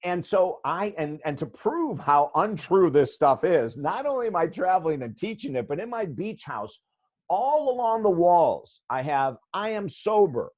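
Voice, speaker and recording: A man's voice: sits high, sing-song, measured pace, a little mellow. A man in his sixties, a guest life coach telling a story in a podcast interview, blunt and emphatic.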